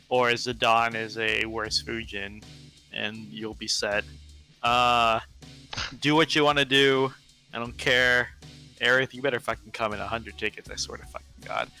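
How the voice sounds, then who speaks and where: A man's voice: mid-range voice, bright, forceful tone, smooth. A man in a casual gaming rant chat, blunt and combative, swearing heavily.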